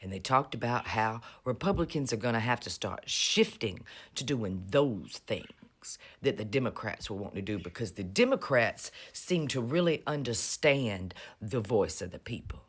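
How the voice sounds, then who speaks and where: A woman talks straight to camera in a loose, mocking vlog rant. Her pitch swoops up and down all the time. She drawls and teases, with a sarcastic bite. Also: expressive, moderate pace, few pauses, husky. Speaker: vlogger. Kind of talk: casual political commentary.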